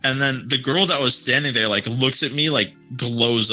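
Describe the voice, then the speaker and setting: A man's voice: mid-range voice, normal speed, sharp tone, soft background music, rough recording. A young man co-hosting a podcast, telling a rambling, swear-filled story in casual chat. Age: young adult. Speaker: podcast co-host.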